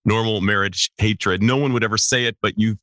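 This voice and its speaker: A male psychologist hosting a podcast interview, speaking in a slow, reflective and appreciative way. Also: fairly low pitch, steady tone, pushed and bright, no echo, clean studio sound.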